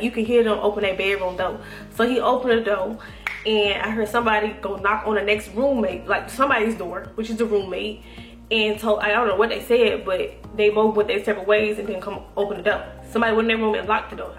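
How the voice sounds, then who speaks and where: Young woman, animated storyteller, slangy and profane, echoey room. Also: mid-range voice. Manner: animated, profane, slangy, quoting herself and others. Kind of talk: casual storytime to viewers. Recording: echoey room with faint music.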